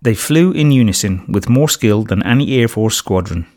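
A man narrating a children's storybook in a steady, measured reading voice. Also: on the low side. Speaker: audiobook narrator.

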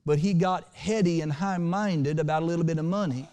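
A man's voice: a little high, a little fast. Man preaching a sermon in an echoing hall. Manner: preaching with sudden swings between loud and hushed delivery; asks the congregation for responses. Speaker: pastor.

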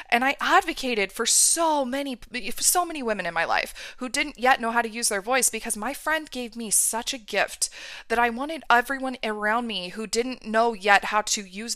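A woman's voice: fairly high pitch, fairly bright tone, dry recording, clean studio sound. A woman hosting a podcast, telling a personal story in an emphatic, candid way. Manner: emphatic, candid, acts out remembered dialogue. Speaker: podcast host.

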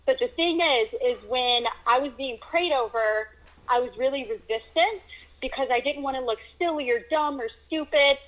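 A woman telling a personal story in a casual conversation, animated and acting out moments with exclamations. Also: high voice, normal speed, poor audio. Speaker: guest telling her story.

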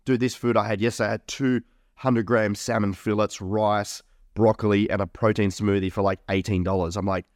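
Brief: young Aussie guy, lowish voice, dry close mic, easygoing podcast co-host who swears casually. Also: flat delivery, a little fast, no echo. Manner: laid-back, swears casually, laughs often.

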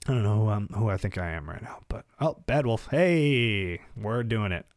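A man's voice: lowish voice, lively intonation, normal speed, no room sound, studio quality. Rambling, reflective young man. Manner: rambling, reflective, many fillers and restarts. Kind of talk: casual personal monologue.

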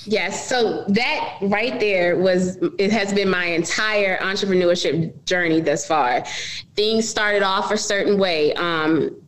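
A woman's voice: mid-range voice, slow, poor audio. Earnest woman telling her business story. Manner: earnest, addresses listeners as y'all. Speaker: business owner, guest. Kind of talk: candid interview storytelling.

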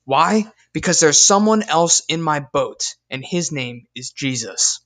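A young man speaks in a scripted devotional style, earnest and emphatic, reading Bible verses slowly and deliberately. His voice is somewhat high for a man. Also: animated, fairly bright tone.

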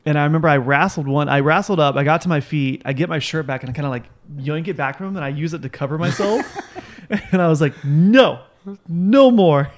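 A young man co-hosting a casual chat, telling stories in an animated way and acting out other people's voices. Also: a little high, fast talker. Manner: animated storyteller, acts out voices. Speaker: podcast co-host.

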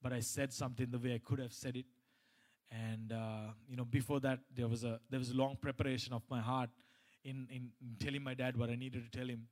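A man preaching a sermon, moving from loud, emphatic points to quiet personal stories, with many restarts and repeated phrases. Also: medium pitch, level tone, a little fast. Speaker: pastor.

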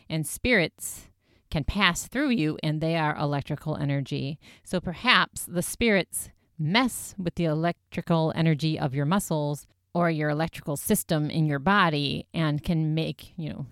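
A young woman chatting casually as she recaps an episode, with a lively, filler-filled way of telling it. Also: deep voice, no echo, clean studio sound. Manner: chatty, animated retelling with many fillers. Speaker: podcast host recapping a show.

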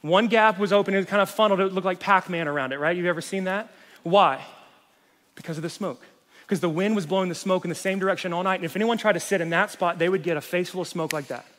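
Man preaching a sermon, high voice, long reverb. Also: fast talker. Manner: animated, swings from loud to hushed. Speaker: youth pastor.

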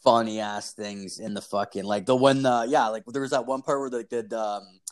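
A man's voice: medium pitch, fairly even intonation, fairly quick. A man in his thirties hosting a casual podcast, telling rambling stories and swearing constantly. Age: 30s. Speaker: podcast host.

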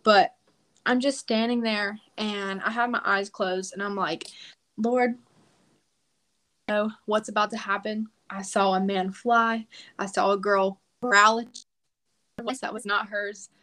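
Animated woman telling a story. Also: mid-range voice, slow pace. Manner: animated, emphatic retelling with quoted prayers. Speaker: podcast guest. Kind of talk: casual storytelling.

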